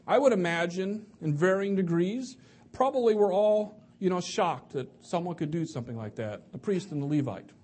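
A man's voice: high voice, lively intonation, normal speed, a little mellow. A man giving an evening sermon to a congregation, talking conversationally and often restarting or repeating words. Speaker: preacher.

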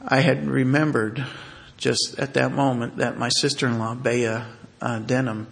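A man telling a personal family story in a halting way, with many fillers and restarts. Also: medium pitch, flat delivery, gravelly.

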